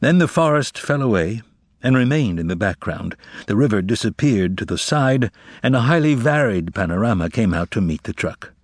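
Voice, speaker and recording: A man reading a novel aloud as narrator in a measured, expressive way. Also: on the low side, no room sound, clean studio sound. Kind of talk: audiobook narration.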